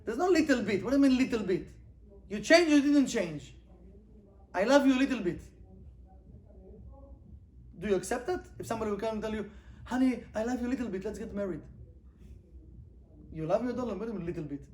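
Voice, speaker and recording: High-voiced man teaching Kabbalah. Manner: animated, rhetorical questions, reads Hebrew quickly then translates. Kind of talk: informal class lesson.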